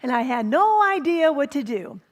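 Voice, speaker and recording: Chatty, grateful cashier in a retold anecdote, spoken by a woman with a higher voice. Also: very animated, normal speed. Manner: chatty, thankful.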